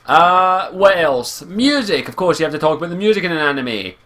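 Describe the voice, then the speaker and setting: A man's voice: a little high, sing-song, a little fast, sharp tone. A Scottish man ranting casually through an anime review, swearing often and sounding exasperated. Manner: profane, exasperated, rambling.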